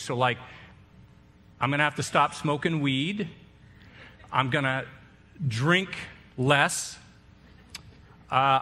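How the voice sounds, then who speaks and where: A man's voice: on the high side, bright, forceful tone. A man giving a sermon as a pastor, talking conversationally, throwing questions and asides to the congregation. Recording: reverberant hall.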